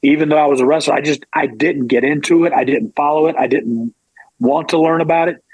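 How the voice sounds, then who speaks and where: A middle-aged man, a former pro wrestler, telling a lively story in an interview. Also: fairly high pitch, a little fast, creaky, breathy edge, dry recording, poor audio. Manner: animated, acts out quoted voices.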